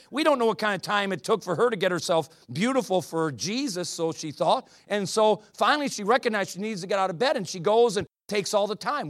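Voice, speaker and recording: A man preaching a sermon with a fairly high voice. He tells a story and presses his points with emphasis, climbing into passionate appeals. The sound is dry and close. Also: dry recording.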